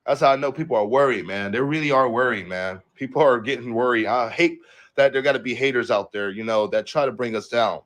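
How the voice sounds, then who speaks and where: A man's voice: medium pitch, brisk, a bit bright. A young man talks through a political livestream in a loose, rambling way. He curses freely and breaks off from the headlines to riff on them. His voice sits in the middle of the usual range for a man. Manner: profane, rambling, reads headlines aloud then riffs. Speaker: livestream host. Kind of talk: casual livestream commentary.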